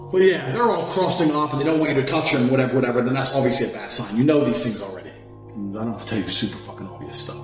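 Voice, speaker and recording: A man giving a brash, boastful, profanity-filled monologue course on dating and communication, swinging between loud outbursts and low, quiet asides. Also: echoey room, low-quality recording. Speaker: self-styled dating and communication coach.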